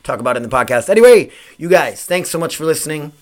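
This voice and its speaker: A man's voice: fairly high pitch, expressive, fast talker. Rambling, cussing Midwestern man podcasting. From Grand Forks, North Dakota. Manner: rambling, profane, self-deprecating. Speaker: podcast host. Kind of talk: casual solo podcast chat.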